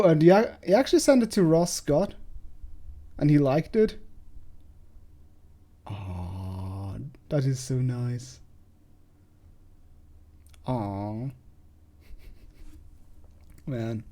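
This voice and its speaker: Casting: a laid-back man doing casual gameplay commentary, with a mellow, slightly throaty tone. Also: medium pitch, lively intonation, slow, pauses often. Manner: chatty, rambling, self-deprecating. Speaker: let's play host.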